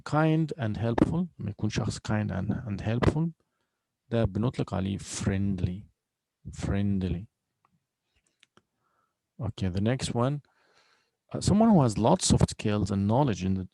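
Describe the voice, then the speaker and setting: Gravelly teacher explaining patiently. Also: male voice, on the low side, warm tone, rough recording. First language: Arabic. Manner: patient, explains slowly, repeats words. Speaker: English teacher. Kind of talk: bilingual classroom lesson.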